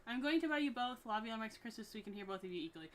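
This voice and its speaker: A young woman co-hosting a casual livestream chat, talking loudly and rambling from behind the camera. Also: on the high side, animated, racing, far from the mic. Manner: loud, chatty, rambling. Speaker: co-host. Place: home room, behind the camera. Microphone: mic set for the other speaker.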